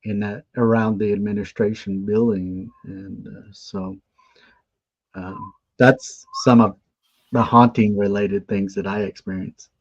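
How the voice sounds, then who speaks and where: A man speaking slowly and hesitantly, with many fillers, as he shares his experiences. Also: lowish voice, level tone, no echo, muffled recording.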